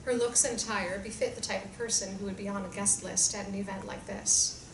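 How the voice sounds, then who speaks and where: A woman reading stage directions aloud in a screenplay reading, in a clear, measured way. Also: mid-range voice, steady tone. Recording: roomy distant sound with background noise.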